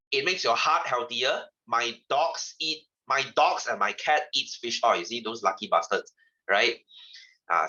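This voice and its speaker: A man's voice: medium pitch, sharp tone, dull audio. A man giving a chatty science lesson to his class, asking questions and repeating himself. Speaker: science teacher. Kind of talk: classroom lecture.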